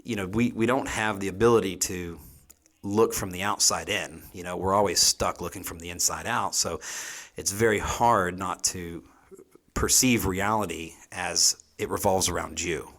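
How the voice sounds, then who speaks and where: Man, very low voice, chef guest, casual rambling talk, lots of fillers. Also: steady tone, normal speed, fairly bright tone. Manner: rambling, frequent "you know" fillers.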